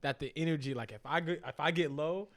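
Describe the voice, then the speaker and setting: A man's voice: on the high side, fast talker. A man guest on a podcast, a musician telling stories animatedly in casual slang and acting out quotes. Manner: animated storyteller, acts out quotes.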